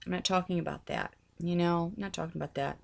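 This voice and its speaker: Woman, middle-aged, lowish voice; earnest religious vlogger, pleading, repeats herself. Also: steady tone, fast, creaky, a little mellow. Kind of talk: heartfelt personal talk.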